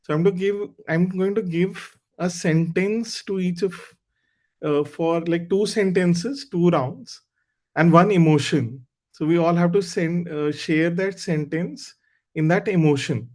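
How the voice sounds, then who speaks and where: A man's voice: sits high, unhurried, darkish tone. A man hosting an online club meeting and leading a speaking exercise in a loose, conversational, encouraging way, heard over a video call.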